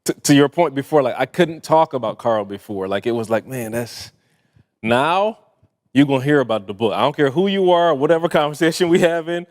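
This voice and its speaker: A man's voice: mid-range voice, fairly quick. An earnest man chatting on a podcast, laughing easily between points. His voice sits mid-range, and a long hall echo trails behind it. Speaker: podcast co-host. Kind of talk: casual conversation.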